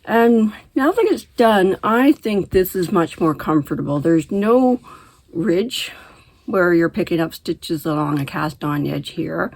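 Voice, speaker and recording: A woman's voice: lowish voice, gravelly, darkish tone, slightly rough. A middle-aged woman hosting a knitting video, chatting casually to camera and laughing easily as she talks. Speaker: knitting podcast host.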